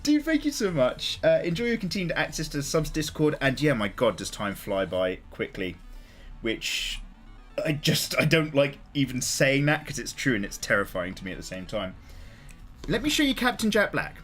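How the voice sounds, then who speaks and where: A man's voice: medium pitch, big pitch swings, moderate pace, fairly bright tone, faint music behind. A man chatting casually on a live stream while he draws, greeting viewers and swearing freely.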